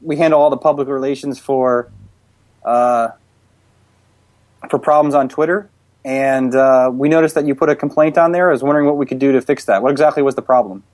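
A man's voice: mid-range voice, a little fast, darkish tone, no room sound, natural voice. A man playing a polite male corporate public relations caller, speaking in a hesitant, scripted way. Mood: overly polite.

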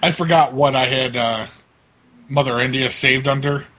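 A man's voice: medium pitch, fairly even intonation, normal speed, sharp tone. A man hosting a prank-call show, telling stories casually, laughing and cursing a lot, on a computer mic. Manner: profane, laughing storyteller. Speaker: podcast host. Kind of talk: casual chat, prank calling.

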